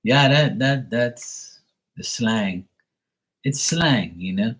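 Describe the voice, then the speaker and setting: A man's voice: mid-range voice, lively intonation, slow, a bit bright. A man from Bermuda, chatting casually on his livestream and telling stories, swearing freely and imitating how his friends talk. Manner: storytelling, profane, mimics friends' slang. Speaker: live tarot reader and streamer.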